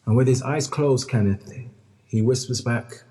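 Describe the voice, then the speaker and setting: A man's voice: medium pitch, unhurried, dark tone. Earnest man telling a story. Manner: earnest, repeats phrases, addresses host by name. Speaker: guest storyteller. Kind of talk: emotional personal storytelling. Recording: long hall reverb.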